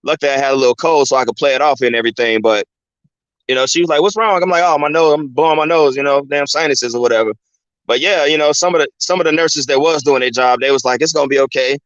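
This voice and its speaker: A man hosts his show with a medium-pitched, fairly quick, slightly bright voice, chatting loosely in a casual commentary monologue and often asking "you know what I'm saying?". The recording is dry, with a dull lo-fi quality.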